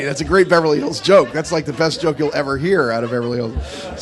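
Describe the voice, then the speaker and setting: A man's voice: medium pitch, normal speed, hardly any pauses, background noise. Rambling, joking male panel moderator. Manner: rambling and jokey, many "uh" fillers. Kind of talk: joking live panel introduction. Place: expo hall panel.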